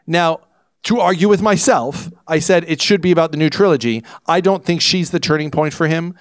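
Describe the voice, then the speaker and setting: A man's voice: fairly high pitch, a little fast, dry recording, studio quality. A man hosting a casual film review podcast, rambling with many restarts. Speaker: podcast host.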